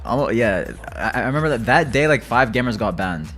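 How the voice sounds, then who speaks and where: A man streaming a game from home, chatting loosely with viewers, swearing freely and swinging between low mutters and loud rants. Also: sing-song, fairly quick, faint music behind. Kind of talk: casual live-stream chat while gaming.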